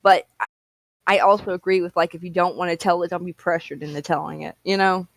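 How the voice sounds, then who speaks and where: Low-voiced woman chatting on a stream. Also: fairly even intonation, quick pace, creaky, no room sound, rough recording. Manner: easygoing, rambling with many fillers. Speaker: co-host. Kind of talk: casual commentary chat.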